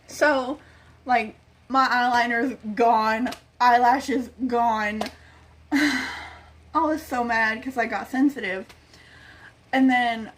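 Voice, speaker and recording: Young woman vlogger, chatty storyteller who plays every part of the dialogue, swears casually, a bit high-pitched.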